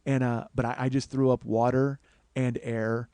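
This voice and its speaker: A man's voice: mid-range voice, little pitch movement, moderate pace, warm tone, dry recording. A man hosting a comedy podcast, telling a rambling, profane, self-mocking personal story.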